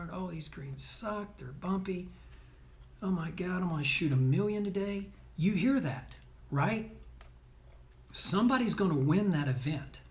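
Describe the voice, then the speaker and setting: A male sports coach delivers a motivational talk in a fairly high voice. He is blunt and emphatic, scolds his listeners at times, and keeps punctuating his points with "right?" and "okay?".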